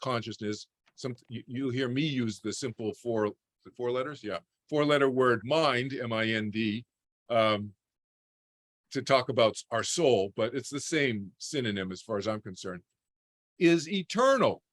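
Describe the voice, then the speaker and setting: A man's voice: medium pitch, animated, a little slow, dry recording. A man giving an informal talk over a video call as a spiritual teacher, speaking conversationally and often checking in with his listeners. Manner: conversational, keeps checking in with "okay?". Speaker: spiritual teacher speaking to a parent support group.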